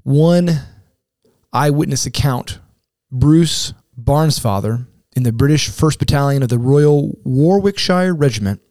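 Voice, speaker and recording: A man serving as camp director, giving a devotional talk as an earnest story with dramatic pauses and weighty readings of scripture. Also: medium pitch, darkish tone, dry recording, clean studio sound. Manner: reads quotes and scripture with weight.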